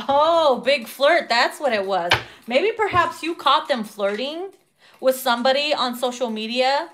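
A woman's voice: a little high, a bit bright. A woman giving a casual tarot reading who swears freely, laughs often and acts out quotes. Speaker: tarot reader.

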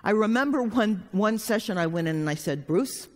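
A woman's voice: mid-range voice, lively intonation, brisk. Frank woman telling a story in a hall. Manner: frank, blunt, plainspoken with some swearing. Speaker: therapist telling a personal story. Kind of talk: live storytelling talk. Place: conference hall. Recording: long hall reverb.

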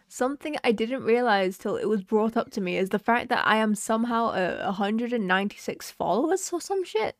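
A woman's voice: fairly high pitch, no echo, studio quality. A woman streamer chatting casually while she draws, rambling along and swearing now and then.

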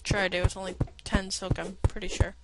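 A let's play gamer chats to herself while playing, playfully scolding the enemies in the game. Her mid-range voice is level in tone and brisk, the recording is very noisy, and faint game music plays behind her.

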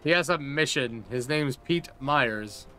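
A man hosting a casual live-stream of a game, excitable, swearing often and laughing a lot. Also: medium pitch, unhurried. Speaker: streamer host.

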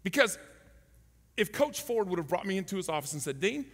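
Animated preacher with a high, lively voice. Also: male voice, a little fast, in a large hall. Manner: animated, acts out shouted quotes. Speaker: pastor. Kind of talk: sermon storytelling. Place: large church hall.

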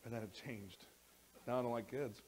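A male pastor delivers a sermon in a church, moving from conversational passages to loud, emphatic bursts. His speech is full of restarts and repeated words, and his pitch sits in the middle. A faint hum of noise is heard behind him. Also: moderate pace. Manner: animated, rising to near shouting when worked up.

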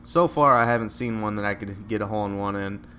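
Lower-voiced man doing excitable game commentary. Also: fast, a little hiss or hum. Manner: excitable, joking, bursts out at shots. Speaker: gameplay commentator. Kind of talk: live gameplay commentary.

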